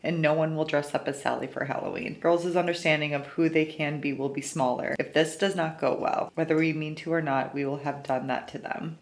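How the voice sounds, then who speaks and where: Book vlogger, woman, low-pitched and excitable, gushes and squeals over her reading. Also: gravelly. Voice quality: excitable, gushing, quick to squeal. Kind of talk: casual reading vlog chat.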